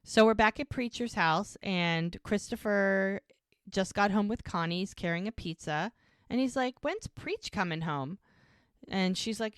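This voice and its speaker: Here a woman recaps episodes as co-host of a rewatch podcast, chatting casually through the scenes and slipping briefly into little character voices. She speaks at medium pitch and a measured pace, with a clear, resonant tone. The studio sound is clean, without echo.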